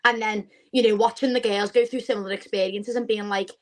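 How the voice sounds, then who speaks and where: A woman, a podcast guest chatting casually and telling stories with lively quoted asides. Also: medium pitch, a little fast, rough recording. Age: 20s. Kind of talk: casual chat.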